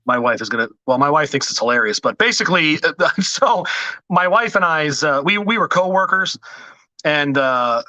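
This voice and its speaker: Bright, sharp-voiced joking male host. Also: fairly high pitch, animated, normal speed, no echo. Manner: self-deprecating, joking storyteller. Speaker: podcast host. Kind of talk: casual podcast chat.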